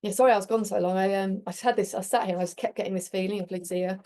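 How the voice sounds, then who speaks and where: A woman's voice: medium pitch, steady tone, rapid-fire, warm tone. A woman hosting a community group, talking in a chatty, reflective way and telling stories with many restarts. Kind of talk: casual reflective talk.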